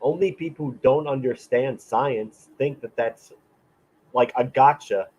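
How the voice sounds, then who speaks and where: A man's voice: mid-range voice, measured pace, darkish tone, slightly rough. Mocking man on dull lo-fi audio. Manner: mocking, mimics opponents in a silly voice. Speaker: podcast co-host. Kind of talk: casual ranting chat.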